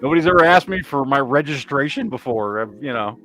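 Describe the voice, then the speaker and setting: Male podcast host, swears freely, rambling storyteller, voice jumps around in pitch, faint music under. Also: animated, fast, pushed and bright. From Texas. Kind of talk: casual chat.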